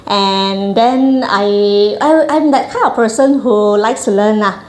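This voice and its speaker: A middle-aged woman with a Malaysian English accent tells a personal story to an audience in an animated way, often acting out quoted voices. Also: mid-range voice, slow. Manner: animated, acts out quoted voices, frequent "lah". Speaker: breastfeeding coach. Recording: echoey hall.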